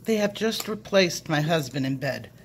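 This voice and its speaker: A middle-aged woman hosting an unboxing vlog, gushing breathlessly and shaky with excitement, from a room at home. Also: low voice, moderate pace, a little hiss or hum. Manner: breathless, gushing, repeated exclamations. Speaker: coloring channel host.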